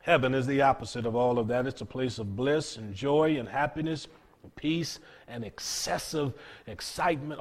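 A man preaching a sermon in an earnest, emphatic way, with dramatic pauses and repeated words. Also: medium pitch.

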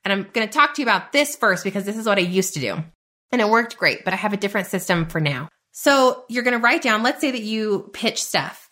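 A woman's voice: mid-range voice, expressive, brisk, sharp tone. A woman hosting her podcast in a bubbly, chatty way, full of y'all and like. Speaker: podcast host. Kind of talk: upbeat podcast monologue.

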